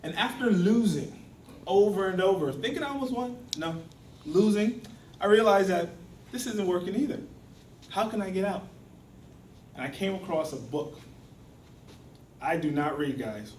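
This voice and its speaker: A man's voice: high voice, animated, moderate pace, long pauses, darkish tone, a little hiss or hum. A man giving a storytelling speech at a speaking club, acting out the voices of the people in his tale. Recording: echoey hall from far off.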